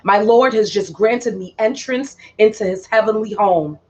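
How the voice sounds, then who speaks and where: A woman delivers a spoken-word poem at a slow, solemn pace, circling back to repeated lines. Her voice sits at a middle pitch. The recording is muffled and lo-fi. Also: a little mellow. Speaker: poet. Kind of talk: spoken-word poetry performance. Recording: dull lo-fi audio.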